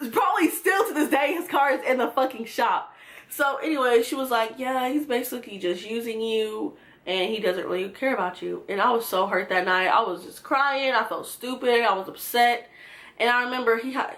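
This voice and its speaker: A woman's voice: on the high side, fairly bright tone. A young woman from Georgia telling a profane, exasperated storytime to her viewers. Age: young adult. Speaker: vlogger. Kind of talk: storytime vlog.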